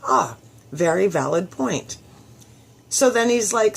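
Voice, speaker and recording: A woman's voice: medium pitch, animated, slow pace, gravelly, breathy edge. A middle-aged woman hosting a motivational radio show, chatty and upbeat, acting out the thoughts she quotes. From southwestern Ontario, Canada.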